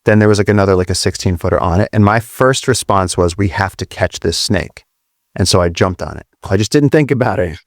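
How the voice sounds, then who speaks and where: Low gravelly man telling a wild story. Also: fast, few pauses, no echo, studio quality. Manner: excited storytelling, swearing, many restarts. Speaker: wildlife adventurer guest. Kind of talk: animated storytelling in a podcast interview.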